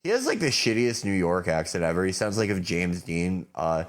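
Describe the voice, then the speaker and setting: Low-voiced man in rambling podcast banter. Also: very animated, a little fast. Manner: rambling, profane, lots of fillers. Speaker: podcast guest.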